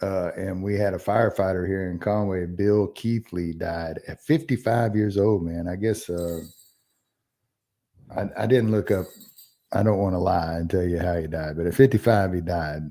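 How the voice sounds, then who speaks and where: Male co-host, low voice, rambling storyteller, casual podcast chat. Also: steady tone, normal speed, dark tone.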